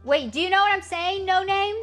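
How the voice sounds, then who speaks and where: A woman's voice: very high voice, brisk, a bit bright, faint music behind. An American woman streamer chatting casually with her viewers, playfully trying out clumsy French phrases. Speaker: livestreamer.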